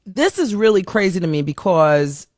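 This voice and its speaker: A woman's voice: lowish voice, sing-song, moderate pace, a little mellow, no echo. Candid woman host, dry close sound. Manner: candid and self-deprecating, laughs often. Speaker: talk show host. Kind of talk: casual chatty monologue. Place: home studio.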